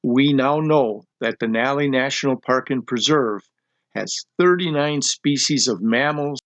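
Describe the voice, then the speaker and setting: A man narrating an outdoor wildlife documentary in a measured, informative way. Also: mid-range voice, highs cut off. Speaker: show host and narrator. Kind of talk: scripted nature documentary narration.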